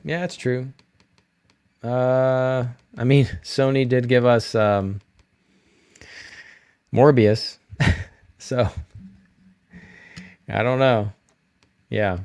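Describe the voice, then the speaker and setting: A man's voice: medium pitch, fairly even intonation, drawn-out words, long pauses, a little mellow, clear, resonant tone. A middle-aged man hosting a live stream, rambling casually and answering viewers' chat comments.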